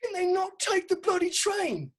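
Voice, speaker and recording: A woman's voice: very high-pitched, sing-song, normal speed. A woman playing a pompous, blustering male aristocrat official with a put-on upper-class English accent, in a comic stage reading. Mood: outraged. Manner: indignant, self-important, prone to outbursts. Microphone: home setup, remote quarantine recording.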